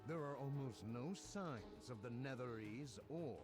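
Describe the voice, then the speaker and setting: A man voicing an adult male game narrator who describes dungeon events in a measured, dramatic storytelling manner. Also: medium pitch, lively intonation, darkish tone, faint music behind, lightly acted. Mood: grim. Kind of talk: scripted narration.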